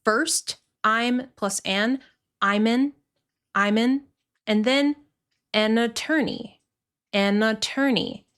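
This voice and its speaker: Give me a woman teaching English pronunciation at a slow, deliberate pace. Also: on the high side, fairly bright tone. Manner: clear, deliberate explaining, repeating words slowly. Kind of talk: pronunciation lesson.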